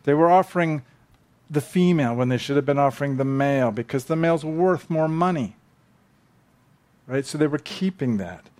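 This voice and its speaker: A man's voice: a little high, moderate pace, a little mellow. A man preaching a sermon, telling stories conversationally and acting out quotes with animation. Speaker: pastor. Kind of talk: sermon with storytelling.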